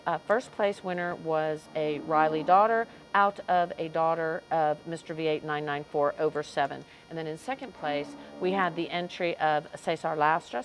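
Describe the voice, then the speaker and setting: A woman's voice: on the low side, poor audio. A woman commentating a cattle show livestream in an arena, chatting, greeting viewers and stumbling over names. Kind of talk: live commentary.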